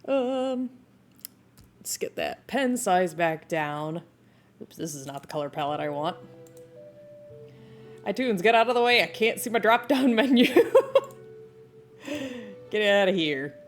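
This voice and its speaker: A woman's voice: medium pitch, animated, measured pace, pauses often. A woman chatting casually with her live-stream viewers while she draws, laughing often. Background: video game music playing.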